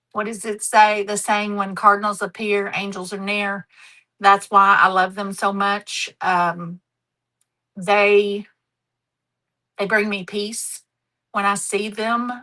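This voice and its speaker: A woman's voice: medium pitch, flat delivery, takes it slowly, bright, forceful tone, low-quality recording. A middle-aged woman hosting a live craft demonstration, chatty, homey and affectionate. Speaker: craft show host.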